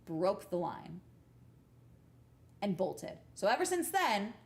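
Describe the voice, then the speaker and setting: A woman's voice: medium pitch, big pitch swings, takes it slowly, gravelly. Woman streamer telling emphatic, swear-laden stories. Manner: profane, emphatic, keeps adding "okay?". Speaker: livestream host chatting with viewers. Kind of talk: casual rambling storytelling. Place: at home.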